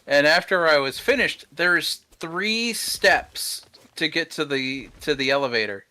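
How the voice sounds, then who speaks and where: A man's voice: on the high side, lively intonation, a little slow, sharp tone. A man chatting casually with friends, telling laid-back anecdotes.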